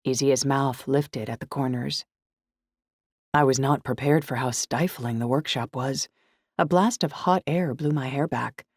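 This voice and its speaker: A woman reading a first-person novel aloud in measured, scripted narration. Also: extremely low pitch, darkish tone, dry recording, studio quality. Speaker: audiobook narrator.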